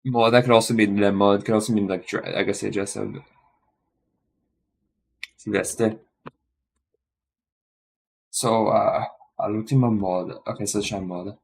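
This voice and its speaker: A man live streaming his study session, thinking aloud in a rambling way, correcting himself and slowly sounding out phrases. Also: lowish voice, steady tone, gravelly, husky.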